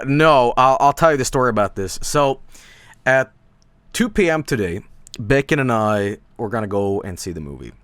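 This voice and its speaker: A man's voice: medium pitch, fairly bright tone, smooth, no echo. Guy streamer just rambling, lots of uh and um, swears a bit, dry close mic. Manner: rambling, many fillers and restarts, swears casually. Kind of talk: casual stream chat.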